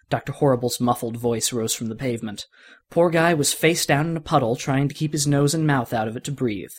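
A male podcast narrator with a husky voice reads a story aloud. His delivery is steady and conversational, at an average pitch for a man. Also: brisk. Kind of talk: audiobook fan fiction reading.

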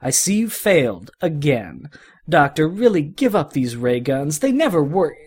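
A man's voice: fairly high pitch, big pitch swings, measured pace, slightly rough, full character voice. A man putting on a smug swaggering superhero. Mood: taunting. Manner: boastful, taunting. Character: cocky, smug male superhero. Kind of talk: audiobook fan fiction reading.

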